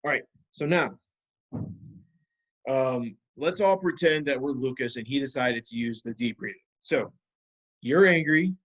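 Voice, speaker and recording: A man teaching a video lesson to children, patiently walking them through calming techniques with guiding questions. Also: mid-range voice, unhurried, lo-fi sound.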